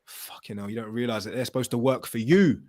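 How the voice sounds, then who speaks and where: A man hosting a podcast, talking in an animated, casual way, swearing and telling stories with acted quotes. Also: medium pitch, fast, no echo, studio quality. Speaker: podcast host.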